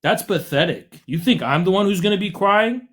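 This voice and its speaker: Male streamer from the US, combative and mocking, voice sits a bit high; heated live call-in argument. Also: expressive, normal speed, fairly bright tone. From United States. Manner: combative, mocking, talks over callers. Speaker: livestream host.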